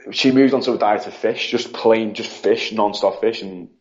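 A man with a lowish voice, grieving as he talks. He rambles as a podcast guest and voices the people in his story. The audio sounds dull and lo-fi. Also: fairly even intonation, normal speed. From United Kingdom. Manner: rambling, retelling with quoted dialogue. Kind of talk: casual interview chat.

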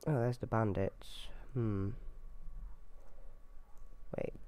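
A man giving casual running commentary as he plays a video game, talking to himself with sudden excited yelps. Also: lowish voice, extremely slow, clean tone. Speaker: gameplay video host.

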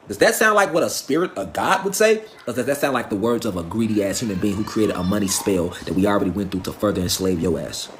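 A man's voice: fairly low pitch, expressive, fast, hardly any pauses, fairly bright tone, slight background noise. A man giving a profane, preachy live stream lecture, firing off rhetorical questions. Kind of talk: impassioned live stream rant.

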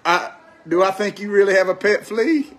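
A man's voice: high-pitched, moderate pace, fairly bright tone. An older man, chatting playfully with his grandchild at home as grandfather and host, chuckling and coaxing. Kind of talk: casual family chat. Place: indoors at a family home.

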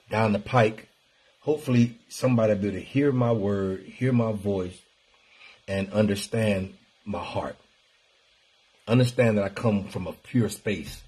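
Very husky man preaching casually. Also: on the low side. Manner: preachy, animated, colloquial and repetitive. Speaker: wellness talk host. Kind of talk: casual motivational live stream.

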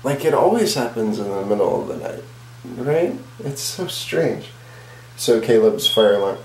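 A man's voice: mid-range voice, expressive, measured pace, reverberant, slight background noise, poor audio. A man casually explaining a household problem in an easygoing vlog chat.

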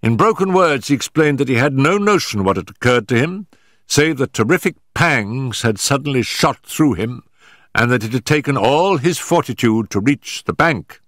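A man narrating an audiobook in a deliberate, dramatic manner. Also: medium pitch, expressive, a bit bright, dry recording, clean studio sound. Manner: deliberate and dramatic, in period prose. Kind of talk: scripted narration.

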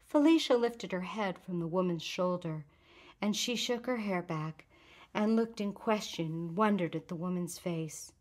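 A woman narrating a short story aloud in a calm, measured reading voice. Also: fairly low pitch.

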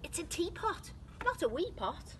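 A woman reading aloud and voicing a helpful toy robot, brisk and urgent. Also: very high voice, very animated, a bit bright, slight background noise, voice pushed up, heavily acted.

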